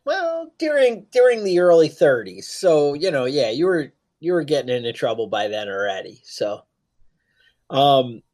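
A man's voice: medium pitch, expressive, normal speed, a little mellow. A man co-hosting a podcast, talking casually in rambling, joking asides. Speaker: podcast co-host.

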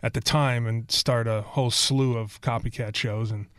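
A man telling stories as a guest in a casual interview, rambling and animated, acting out what people said. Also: medium pitch, moderate pace, dry recording. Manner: rambling, animated storyteller who acts out quotes.

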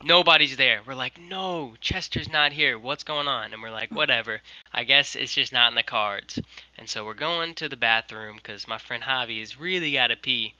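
Bright-voiced young man telling a story. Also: mid-range voice, normal speed, dry recording, lo-fi sound. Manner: animated, many "like" fillers. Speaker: guest, merch maker. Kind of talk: casual storytelling interview. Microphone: video call.

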